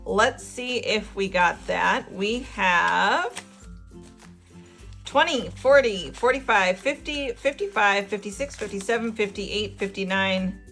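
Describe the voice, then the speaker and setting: Soft music plays behind a middle-aged budgeting-channel host who laughs and chats easily as she counts out cash for envelope stuffing. She talks slowly in a mid-range, slightly bright voice.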